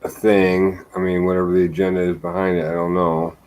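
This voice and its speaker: A man on a livestream panel talking casually, halting with many ums and uhs. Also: low voice, little pitch movement, darkish tone, rough recording. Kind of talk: casual chat.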